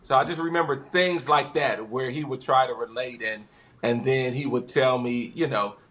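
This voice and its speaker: Bright-voiced man telling stories. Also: medium pitch, moderate pace. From West Los Angeles. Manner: animated storyteller, acts out quotes. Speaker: podcast guest. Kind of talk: casual conversation.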